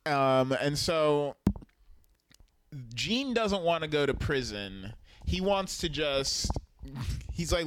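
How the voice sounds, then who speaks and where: Animated young man with a high voice. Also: slow pace, pauses often, a little hiss or hum. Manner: animated, laughing often, acts out characters in quotes, swears freely. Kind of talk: casual chat recapping a story.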